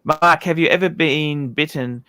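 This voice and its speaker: A jovial male host leads a relaxed livestream chat, his voice bright and a touch high. The sound is dry and close, with no room around it, and he bounces cheerfully between banter and reading out super chats. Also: a little slow, clear, resonant tone, dry recording. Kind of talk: casual panel chat.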